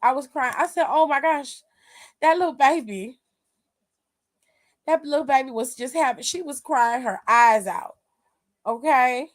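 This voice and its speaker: A woman's voice: high voice, moderate pace. A woman hosting a wrestling aftershow, giving casual, emphatic, profane live-stream commentary and reading viewer comments aloud.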